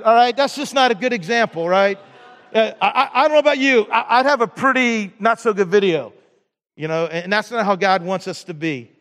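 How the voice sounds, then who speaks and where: High-voiced man preaching in a hall. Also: brisk, fairly bright tone. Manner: emphatic, repeats words and stammers into restarts. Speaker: pastor. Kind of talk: sermon. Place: church sanctuary.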